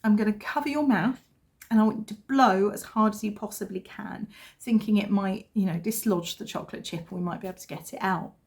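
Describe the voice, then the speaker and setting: A woman's voice: mid-range voice, brisk, gravelly, a little mellow. A woman in her thirties, a vlogger chatting casually and telling a family story with self-deprecating humour. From England. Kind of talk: casual chat.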